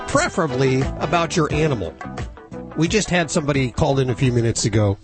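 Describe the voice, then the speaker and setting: A man's voice: mid-range voice, lively intonation, fast talker, music in the background. A man hosting a radio show, joking and easygoing in casual talk. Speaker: radio host.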